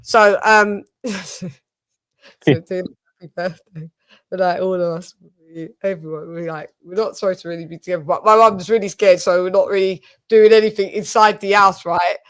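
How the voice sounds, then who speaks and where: A woman's voice: fairly low pitch, fairly even intonation, normal speed. A British woman hosting a live stream, chatting casually and telling rambling family anecdotes with frequent swearing. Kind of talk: casual chat.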